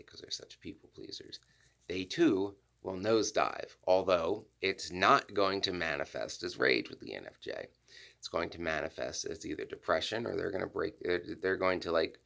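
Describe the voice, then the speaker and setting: Male host, very low voice with a gravelly edge, blunt and profane, loose off-the-cuff monologue. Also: fairly bright tone. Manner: blunt and profane, repeats phrases for emphasis. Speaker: personality-type video host. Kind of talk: casual spoken monologue.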